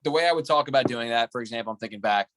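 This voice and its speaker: A man on a coaching call as a sales trainee, answering haltingly with many restarts. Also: mid-range voice, noisy background.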